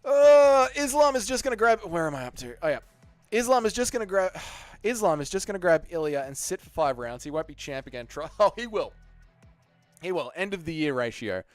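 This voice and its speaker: An Australian man chats on a livestream, his fairly high voice swinging up and down as he answers viewers in a cheeky, animated way. The sound is dry and close, with quiet music underneath. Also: brisk, dry recording. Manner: animated and cheeky, swears casually, reads chat aloud and answers it. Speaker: livestream host. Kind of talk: casual livestream chat reacting to viewer comments.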